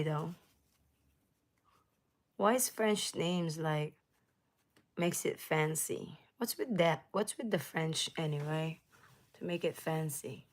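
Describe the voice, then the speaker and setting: Chatty woman with a slow, low voice. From United States. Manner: chatty, laughs often, drifts to soft whispers. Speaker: livestream host. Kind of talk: casual livestream chat with viewers.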